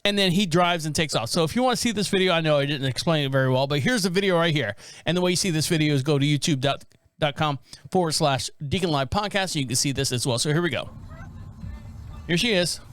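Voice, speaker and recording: Casting note: male podcast host, high voice, dry close sound, rambling and animated. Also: a little fast, clean tone, no room sound, faint music behind. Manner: rambling, animated, acts out quotes. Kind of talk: casual commentary on viral videos.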